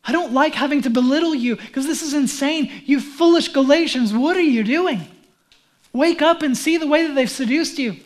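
A preacher putting on an impassioned apostle, raised high above his normal voice and pushed loud. He pleads urgently and stresses each line hard. It sounds like a grown man begging his flock to wake up. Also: normal speed.

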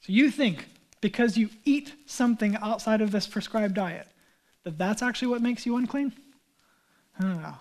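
Man, pastor, sermon, conversational and animated, casual asides. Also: high voice, normal speed.

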